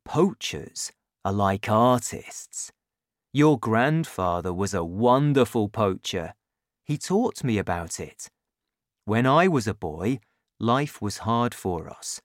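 Gentle patient dad read by the narrator, slow and lilting, dry close sound. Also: medium pitch, big pitch swings, no echo. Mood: calm, earnest. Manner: slow, measured storytelling delivery. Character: patient, gentle adult father. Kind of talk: audiobook reading.

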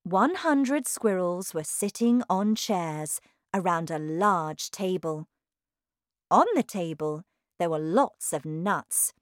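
Woman storybook reader: slow, animated, bright, dry close mic. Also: fairly low pitch, no echo. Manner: slow, careful, expressive reading. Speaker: narrator. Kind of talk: children's storybook reading.

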